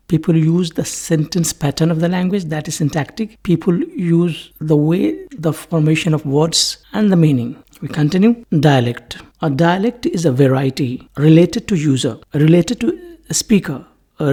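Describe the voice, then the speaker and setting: A man giving a recorded linguistics lecture, explaining slowly and restating each point several ways. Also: fairly high pitch, mellow, breathy edge.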